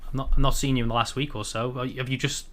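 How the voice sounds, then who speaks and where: A man's voice: medium pitch, level tone, racing, fairly bright tone, slight background noise, close to an everyday voice. A man voicing a wary, middle-aged male tavern barkeep who talks in a plain, hesitant way.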